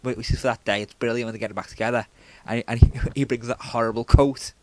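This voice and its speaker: Man, rapid speech, stammering restarts, repeated words, casual film chat, swearing. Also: medium pitch, steady tone, no room sound. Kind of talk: casual chat about films.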